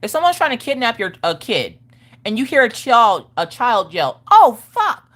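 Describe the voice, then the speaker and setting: A woman hosting a live stream and chatting casually about parenting, frank and profane, with animated storytelling. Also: on the high side, moderate pace. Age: adult parent of school-age children.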